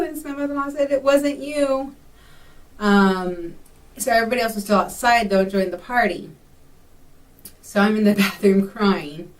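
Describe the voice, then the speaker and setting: Far from the mic, a young woman from Texas rambles through a personal story in a casual vlog. Her mid-range voice is chatty and full of fillers like "um" and "like."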